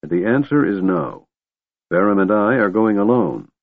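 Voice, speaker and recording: A man voicing a resolute half-elf leader who speaks calmly and coldly, in a tinny audiobook recording. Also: lowish voice, measured pace. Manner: calm and cold.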